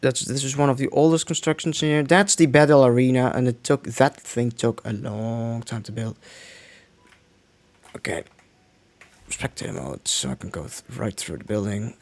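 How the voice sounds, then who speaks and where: A man's voice: medium pitch, moderate pace, darkish tone. Man rambling through live gameplay commentary. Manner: rambling, restarts often, mutters to himself. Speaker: streamer.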